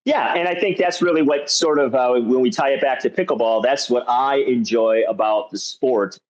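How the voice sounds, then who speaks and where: A man hosting a podcast in casual interview chat, easing into questions with relaxed, rambling lead-ins. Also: mid-range voice, moderate pace. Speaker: podcast host. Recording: dull lo-fi audio.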